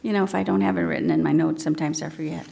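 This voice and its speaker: Gravelly low-voiced woman at a podium. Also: steady tone, rapid-fire, slight background noise. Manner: warm, chatty, with fillers. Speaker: state representative introducing a speaker. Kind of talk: public speech.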